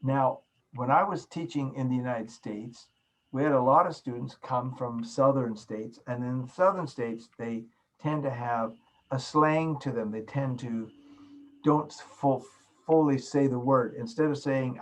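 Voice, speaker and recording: A man's voice: medium pitch, measured pace, rough recording. A man from Canada giving a recorded class lecture, stressing key words and repeating them for emphasis. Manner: emphatic, repeats key words, demonstrates soft and loud speaking.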